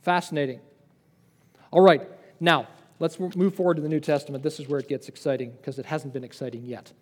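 A man preaching a sermon in a lively, conversational teaching manner, asking his listeners questions. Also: fairly high pitch, a little fast, big-room sound, slight background noise. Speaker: pastor.

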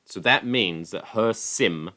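A man's voice: fairly low pitch, takes it slowly, bright, forceful tone. A man hosting a podcast in casual chat, blunt and sweary, asking wry questions. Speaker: podcast host.

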